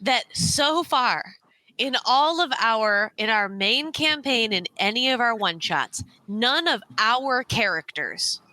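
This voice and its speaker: Lively, chatty woman player. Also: fairly high pitch, takes it slowly, low-quality recording. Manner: chatty, lively, stumbles over starts. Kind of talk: casual tabletop play.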